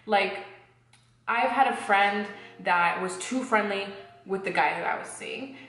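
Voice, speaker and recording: A woman's voice: mid-range voice, unhurried, fairly bright tone. A young woman giving blunt, candid relationship advice in a casual talk, swearing freely and acting out little exchanges. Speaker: advice giver. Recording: echoey room with faint music.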